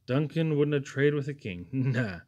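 A man voicing a weathered farm wife who speaks in hushed, wondering dialect. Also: mid-range voice, expressive, measured pace, lo-fi sound, voice pushed up.

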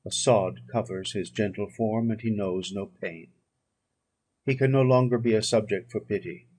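Husky-voiced young male friend in an audiobook, earnest and consoling, read by a man. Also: lowish voice, normal speed, darkish tone. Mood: sorrowful.

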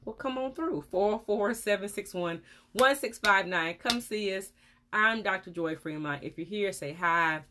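A woman's voice: mid-range voice, normal speed, bright, forceful tone, slight background noise. Frank, chatty woman dentist. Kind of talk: casual live-stream talk.

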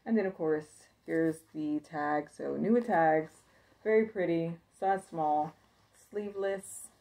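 A woman's voice: sits low, slow, mellow. A woman chatting casually as she shows thrifted clothes she plans to resell, upbeat and thinking aloud with plenty of fillers. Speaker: thrift reseller showing a haul. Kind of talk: casual haul video chat.

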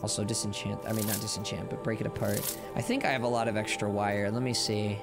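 A man streaming live gameplay commentary, excitable and playful, rambling on and chatting with his viewers. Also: lowish voice, quick pace, vocal fry, over loud music.

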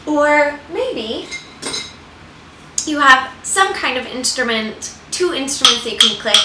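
A woman's voice: on the high side, sharp tone, a little hiss or hum. A woman hosting a children's music lesson from home, talking patiently and directly to young children. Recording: roomy, distant, ukulele music behind. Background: ukulele playing.

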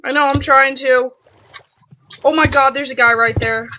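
A woman chatting excitedly while playing a video game, full of exclamations. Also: sits high, moderate pace. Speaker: let's-play gamer. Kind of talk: casual gameplay chat. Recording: dull lo-fi mic with faint hiss.

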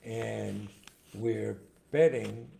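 Gravelly, playful male host. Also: fairly low pitch, drawn-out words, warm tone. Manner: playful, acts out characters in stories. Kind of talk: casual chat, joke telling. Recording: echoey room with faint background noise.

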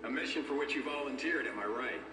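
An actor playing a calm male interrogator who questions a patient insistently. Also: mid-range voice, quick pace, natural voice. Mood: probing. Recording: game audio in a roomy space, from far off, with music.

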